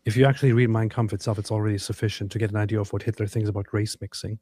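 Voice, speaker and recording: Deep dark-voiced sarcastic man. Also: little pitch movement, racing, dry recording. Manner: emphatic, sarcastic. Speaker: co-host. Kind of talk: casual reaction commentary.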